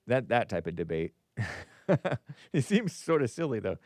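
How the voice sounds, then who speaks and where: A man's voice: fairly low pitch, sing-song, normal speed, a little mellow, no echo, clean studio sound. A man hosting a live call-in show in a rambling, jokey way, laughing at his own asides. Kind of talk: casual live-stream chat, reading viewer messages.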